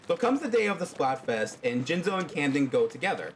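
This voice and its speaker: Man narrating his fan story on a stream, lively pitch, rambling. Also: brisk, soft background music. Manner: animated, rambling, many fillers. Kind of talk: casual spoken storytelling.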